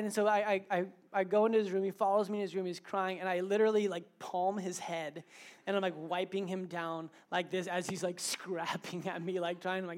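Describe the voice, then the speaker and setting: A young man preaching an informal evening sermon, talking casually with filler words and retelling stories in an animated way. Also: high-pitched, brisk.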